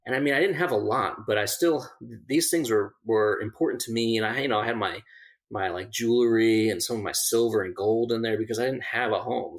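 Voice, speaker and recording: A man, a survival instructor, casually telling a story on a podcast, with many fillers and restarts and laughing at the funny parts. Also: fairly low pitch. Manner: laughs through funny moments.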